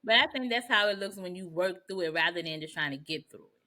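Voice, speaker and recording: A woman co-hosting a podcast in casual chat, talking in a relaxed, slangy way with laughing asides. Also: lowish voice, fast. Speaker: podcast co-host.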